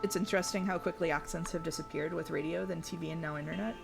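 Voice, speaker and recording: Low-voiced streamer woman, kinda gravelly, rambly chatty vibe, faint game music under. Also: steady tone, quick pace. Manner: chatty, reads chat aloud, trails off and restarts. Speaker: streamer playing a life-sim game. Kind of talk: casual live-stream chat.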